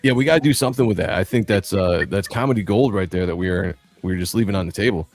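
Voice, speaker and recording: A deep-voiced man hosts a livestream, talking fast in a rambling, jokey manner and laughing often during the casual chat.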